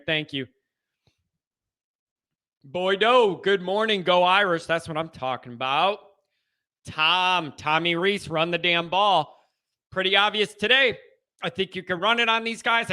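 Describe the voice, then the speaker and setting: A high-voiced man with a Midwest American accent hosts a fan call-in show, talking casually. His tone is bright and forceful, and he gets worked up and hammers the same phrase again and again. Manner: animated, fired-up, repeats himself. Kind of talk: casual chat.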